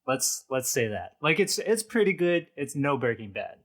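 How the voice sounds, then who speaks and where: A man's voice: medium pitch, sing-song, normal speed, fairly bright tone. A man co-hosting a podcast, chatting casually and tossing in dry joking asides. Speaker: podcast co-host. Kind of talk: casual chat.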